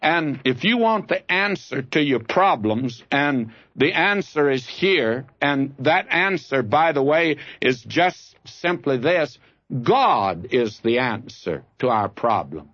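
A man's voice: mid-range voice, very animated, slow, fairly bright tone, husky, no echo, highs cut off. A man preaching a sermon, telling a personal story in a folksy, earnest way and rising to fervent appeals to his listeners. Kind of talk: radio Bible sermon.

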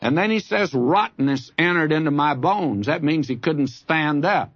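A man's voice: fairly high pitch, lively intonation, normal speed, dry recording, dull audio. A man preaching a sermon, telling a personal story in a folksy, earnest way and rising to fervent appeals to his listeners. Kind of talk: radio Bible sermon.

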